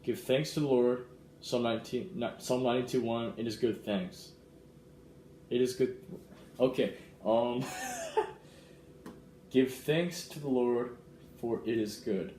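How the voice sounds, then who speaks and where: A young man vlogging in an earnest, excitable way, reading a gift card and verses aloud. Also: mid-range voice, slow pace, pauses often, a little hiss or hum. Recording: roomy echo with faint ambience.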